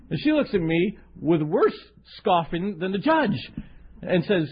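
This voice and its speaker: Male preacher with a high, lively voice, telling a story in a sermon and acting out each character; slightly muffled recording. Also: moderate pace, a little hiss or hum. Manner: animated, self-mocking storyteller acting out voices.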